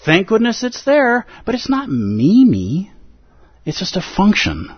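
A man teaching at a Zen center, giving an emphatic, animated dharma talk and acting out the inner voices of his listeners. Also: sits high, a little slow, slightly rough, no room sound, dull audio. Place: Zen center meditation hall.

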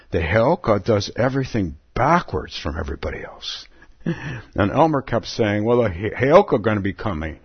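Zen teacher guy giving a dharma talk, low husky voice, chuckles a lot, dull lo-fi dry recording. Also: dry recording. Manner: relaxed, chuckling, repeats words as he goes.

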